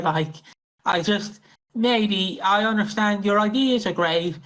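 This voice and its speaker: A man co-hosting a casual podcast, rambling and excitable with heavy swearing. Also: high-pitched, slow pace, poor audio. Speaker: podcast co-host.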